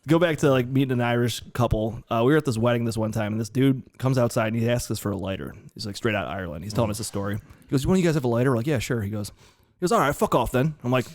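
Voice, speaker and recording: A man's voice: medium pitch, darkish tone. A man co-hosting a casual podcast, joking and bantering as he tells stories. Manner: jokey, quick to banter. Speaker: podcast co-host. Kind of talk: casual chat over drinks.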